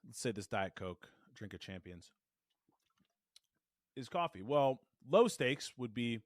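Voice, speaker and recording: A man's voice: medium pitch, very animated, takes it slowly, pauses often, no room sound. A man teaching voice technique in a podcast lesson, demonstrating shifts between chest voice and head voice into a good studio microphone. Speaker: voice coach.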